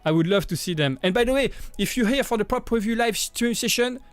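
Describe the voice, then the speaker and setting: A man in his thirties with a French accent, hosting a livestream and chatting casually with viewers, friendly and upbeat, halting with many restarts and repeated words. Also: high-pitched, expressive, no echo. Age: 30s. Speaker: livestream host.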